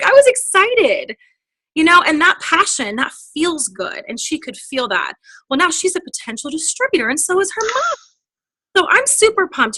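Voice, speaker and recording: Bright, upbeat woman trainer. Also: high-pitched, no echo. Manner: chatty and upbeat, acts out quoted dialogue. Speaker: direct sales team trainer. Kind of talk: casual motivational training talk.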